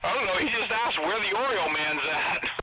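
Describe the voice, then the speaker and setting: Lively, opinionated CB radio man. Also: sits high, normal speed, music in the background, low-quality recording. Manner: animated, opinionated, profane. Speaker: CB radio operator. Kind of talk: casual radio chat. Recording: CB radio with loud noise.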